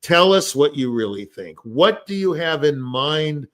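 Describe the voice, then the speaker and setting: A man's voice: fairly high pitch, very animated, unhurried, a bit bright. Rambling older man telling stories. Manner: rambling, anecdotal, many fillers like "you know". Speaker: podcast host. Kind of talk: casual discussion.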